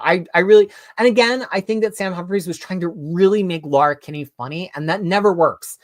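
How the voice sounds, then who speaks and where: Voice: mid-range voice, no echo. A comic book reviewer hosting a casual livestream, talking in an opinionated, chatty way with lots of "like" asides and acted-out reactions. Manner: animated, mimics reactions in quoted asides.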